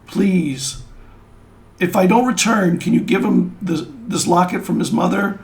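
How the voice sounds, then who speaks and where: A man's voice: high voice, measured pace, creaky. A man voicing a grieving, drunk middle-aged sailor father who pleads tearfully. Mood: pleading.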